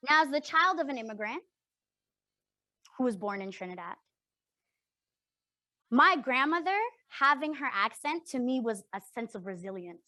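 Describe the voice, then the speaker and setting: A woman's voice: fairly high pitch, sing-song, normal speed, long pauses, pushed and bright, no room sound. Earnest young woman leading a workshop. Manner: earnest, emphatic, often checks in with "right?". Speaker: workshop facilitator. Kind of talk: interactive workshop talk.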